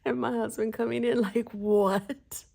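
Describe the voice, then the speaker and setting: A woman's voice: lowish voice, measured pace, vocal fry, breathy edge. A woman in her forties chatting casually and giggling as she sets up her planner, sometimes dropping to a whisper. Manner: giggly, chatty, often drops to a soft whisper. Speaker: planner vlogger. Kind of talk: casual chat while crafting.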